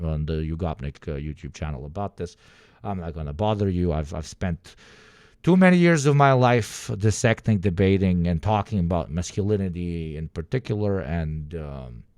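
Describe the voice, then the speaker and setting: A man in his thirties giving casual, profane stream commentary, lecturing in a rambling way with lots of fillers and growing loud and emphatic when he rants. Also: low-pitched, no room sound, clean studio sound.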